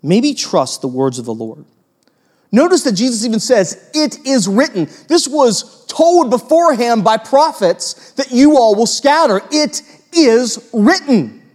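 A man preaching a sermon as pastor, animated, acting out quoted voices and putting questions to the congregation. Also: very high-pitched, unhurried. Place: church hall with long reverb. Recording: long hall reverb.

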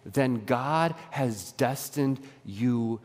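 A man preaching a sermon as pastor, lively and conversational, drawing the congregation into a call-and-response exercise. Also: medium pitch, very slow, in a large hall. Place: church sanctuary.

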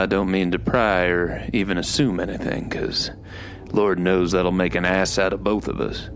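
A man with a very low, deep voice reads a comedic ad, gruff and folksy, leaning in like he's letting you in on a secret. Music plays clearly underneath him. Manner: gruff, folksy, conspiratorial pitch. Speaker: ad announcer. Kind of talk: scripted comedic liquor ad read.

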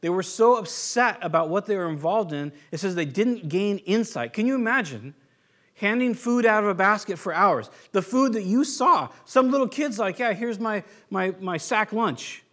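A man's voice: high-pitched, fairly bright tone. An American man preaching a sermon, telling stories in a conversational way and often restarting his sentences. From United States. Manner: conversational storytelling with frequent restarts. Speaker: pastor.

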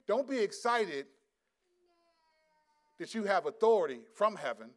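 Male pastor, fairly high pitch, lively slangy sermon with frequent laughter. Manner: animated storytelling, laughs often, slangy.

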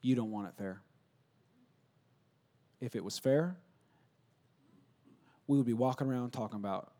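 A male pastor preaching a sermon, swinging from loud, emphatic bursts to low, quiet asides and acting out conversations with himself. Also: lively intonation, normal speed, pauses often. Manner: acts out conversations, asking and answering himself.

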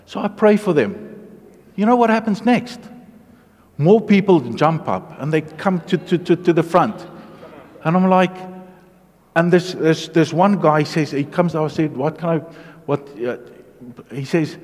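A man preaching a testimony sermon, telling his story in an animated way, dropping to a hush and then rising to loud excitement. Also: on the high side, measured pace, pauses often. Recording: long hall reverb.

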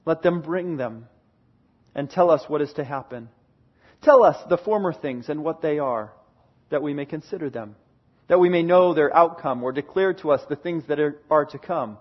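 A man preaching a sermon, reading scripture aloud with dramatic swings between booming declarations and hushed lines. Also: normal speed, muffled recording.

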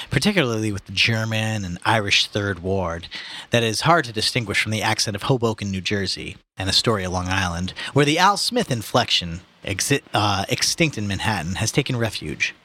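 A man chatting casually with friends and reading a novel aloud, animated and jokey. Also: lowish voice. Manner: animated, jokey, breaks into laughter. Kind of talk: casual chat and book reading.

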